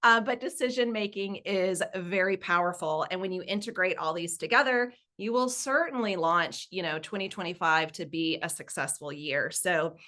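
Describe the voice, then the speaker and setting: Southern woman in her forties, webinar presenter, chatty and upbeat, bright crisp voice. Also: on the low side, moderate pace, few pauses. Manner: upbeat, chatty, laughs easily. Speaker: nonprofit consultant presenting a webinar.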